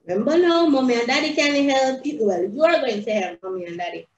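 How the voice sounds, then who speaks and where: A woman teaching young children in a sing-song, excitable way, recorded indoors. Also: high voice, a little fast, a little hiss or hum. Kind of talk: animated lesson for young children. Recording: roomy, slightly dull home video.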